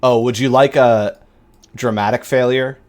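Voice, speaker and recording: A man serves as game master in a home tabletop game. He talks unhurriedly and casually, often pausing mid-thought, with an average pitch. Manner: relaxed, halting with fillers.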